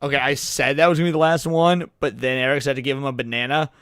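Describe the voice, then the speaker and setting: A man's voice: mid-range voice, fairly even intonation, fast, a bit bright, clean tone, dry recording, clean studio sound. A man co-hosting a late-night stream, joking around and reading chat messages aloud with frequent stammered restarts. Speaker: VTuber co-host.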